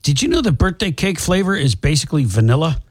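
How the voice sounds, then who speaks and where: A man's voice: on the high side, sing-song, quick pace, breathy edge, no room sound. A man chiming in as a radio co-host with wisecracks and questions. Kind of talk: casual radio banter.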